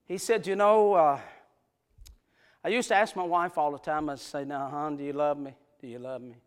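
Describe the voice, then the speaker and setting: A man preaching a sermon, telling stories, swinging from loud hollering to soft, tender passages in a folksy Southern preaching cadence. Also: fairly high pitch, normal speed, clean tone. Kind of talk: sermon with storytelling.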